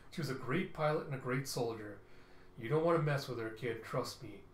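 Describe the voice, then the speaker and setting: A man voicing a weary middle-aged father, speaking low and quietly. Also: brisk, echoey room, slight background noise, lightly acted. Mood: urgent.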